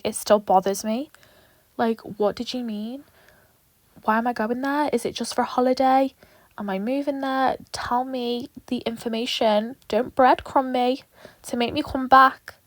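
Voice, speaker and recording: A young woman talking through a nail tutorial in an animated, rambling way, with lots of swearing and asides. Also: on the high side, no room sound. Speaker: nail tech vlogger. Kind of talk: chatty tutorial vlog.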